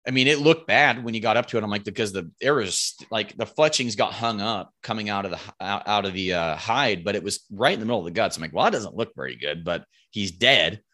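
Animated bow hunter man telling stories. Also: on the low side, fast, hardly any pauses. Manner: animated, acts out quoted lines, swears casually. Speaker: podcast guest, bow hunter. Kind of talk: casual storytelling.

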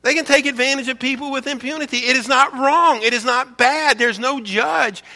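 A man's voice: very high-pitched, moderate pace, sharp tone. A man preaching a sermon as a pastor, emphatic and preachy, repeating words and asking rhetorical questions. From United States.

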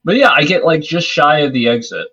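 A man's voice: a little high, animated, brisk, pushed and bright, husky. Easygoing man on lo-fi audio. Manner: easygoing, laughs often. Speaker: player. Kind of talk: tabletop game chat.

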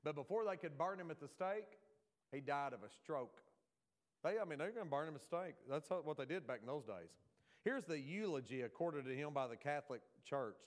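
A man's voice: a little high, expressive, a little fast. A man with a Southern American accent, preaching a folksy sermon full of jokes and asides to the congregation.

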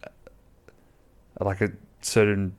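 A man's voice: deep voice, monotone, extremely slow. A man, chatting casually and bluntly on his own podcast, rambling and swearing freely. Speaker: podcast host. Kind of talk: casual solo podcast chat.

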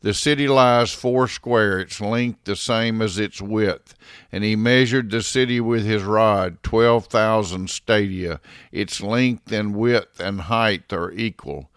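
A man with a low, smooth, resonant voice reads scripture aloud in a measured and solemn way. The sound is dry and close, with no room around it. His delivery stays even and unhurried. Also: dry recording. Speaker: scripture reader.

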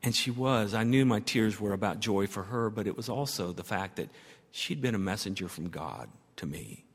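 A man's voice: on the low side, slightly rough. A man preaching a sermon as pastor, telling a story and building to emphatic, repeated phrases. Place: church sanctuary. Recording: long church reverb.

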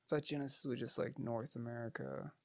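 A man's voice: medium pitch, fairly even intonation, fairly quick, gravelly, no room sound, clean studio sound. A man co-hosting a podcast, talking in casual, joking banter that is often profane. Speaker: podcast co-host. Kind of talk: casual chat.

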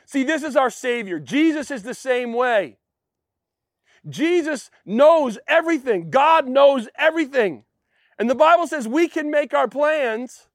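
With a very high, expressive, fairly bright voice at a normal pace, a preacher shares a personal story in his sermon, voicing quoted people and asking the audience questions. It's clean studio audio with no room sound.

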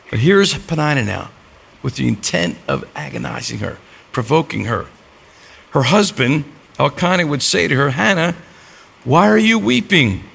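A man's voice: on the high side, vocal fry, fairly bright tone. A middle-aged man preaching a sermon as a pastor, telling stories and acting out the dialogue in them. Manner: storytelling with acted-out dialogue.

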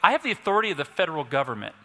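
A puffed-up federal officer barks, pitched high and bright, as a preacher puts him on. The voice rings out with a long reverb from a big hall. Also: male voice, sing-song, racing, full character voice. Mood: indignant. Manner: blustering, self-important. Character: arrogant federal drug officer, a man.

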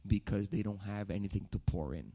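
A male pastor telling a personal story in a sermon, animated, with repeated phrases for emphasis. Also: lowish voice, brisk, gravelly.

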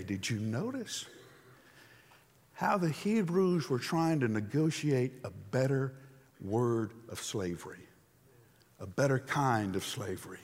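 A man preaching a sermon in a conversational, animated storytelling way. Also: mid-range voice, slow, slightly rough. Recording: long hall reverb.

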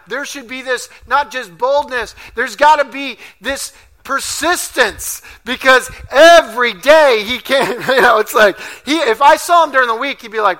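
A pastor preaching a storytelling sermon at a church service, animated and self-deprecating, laughing often as he talks. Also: extremely high pitch. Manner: laughs often while talking.

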